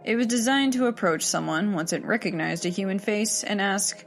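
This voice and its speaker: A woman reading a horror story aloud in a steady, measured storytelling manner. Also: mid-range voice, soft background music. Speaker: story narrator.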